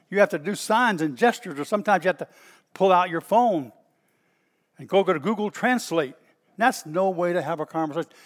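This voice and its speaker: A man with a high-pitched voice preaching a sermon. He reads scripture aloud, then comments on it and repeats his points for emphasis. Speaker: pastor.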